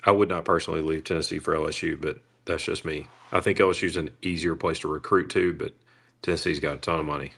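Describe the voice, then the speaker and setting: A man's voice: rumbling low, fairly even intonation, quick pace, vocal fry, a bit bright, slightly rough. A man co-hosting a podcast, talking football in a wry, conversational way. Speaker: podcast co-host. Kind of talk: casual sports chat.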